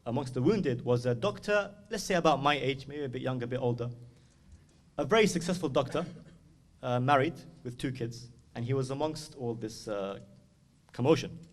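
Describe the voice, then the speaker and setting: A man giving an impassioned sermon at a mourning gathering in a community hall. He urges and pleads like a storyteller, then moves into loud chanted elegy. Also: mid-range voice, moderate pace.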